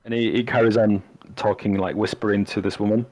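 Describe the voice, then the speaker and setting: Casting: a low-voiced man narrating as game master, halting and casual. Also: little pitch movement, a little mellow, rough recording. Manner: halting, full of fillers and restarts.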